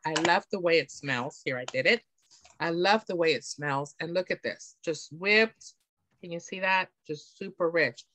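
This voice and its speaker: A woman's voice: lowish voice, a bit bright. A woman presenting beauty products in a chatty, enthusiastic way, often checking in with her audience. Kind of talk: live product demonstration. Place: home, on camera.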